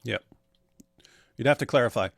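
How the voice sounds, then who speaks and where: A man's voice: mid-range voice, brisk, creaky, husky, no room sound, studio quality. A middle-aged man hosting a casual live stream, blunt and sarcastic as he reads viewer comments. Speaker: livestream host.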